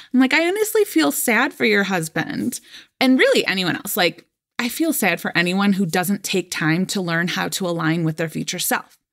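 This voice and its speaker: A woman in her thirties, a life coach, hosts her own solo coaching podcast in a mid-range voice. She talks casually and with animation, acting out quoted voices and laughing often.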